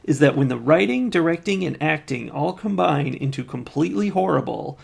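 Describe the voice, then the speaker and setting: A man's voice: a little high, expressive, moderate pace, vocal fry, husky. A man co-hosting a casual movie review podcast, joking in a wry way. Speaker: podcast co-host.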